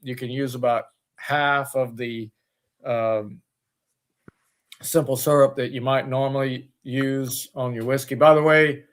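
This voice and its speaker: A man's voice: mid-range voice, fairly even intonation, unhurried. A man, the owner of a distillery, talking as a guest in a casual interview, rambling with many fillers and restarts.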